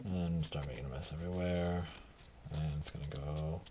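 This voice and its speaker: A man's voice: extremely low pitch, steady tone, normal speed, warm tone, a little hiss or hum. A tired man talking casually through his hobby crafting work, rambling and self-deprecating. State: tired, yawning. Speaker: hobby video maker.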